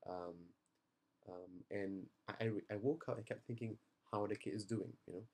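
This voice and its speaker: A tired young man with a fairly low voice speaks earnestly to parents after a youth seminar. He reassures them in a plain, personal way, full of ums and restarts. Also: steady tone, normal speed, warm tone. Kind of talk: video message to parents.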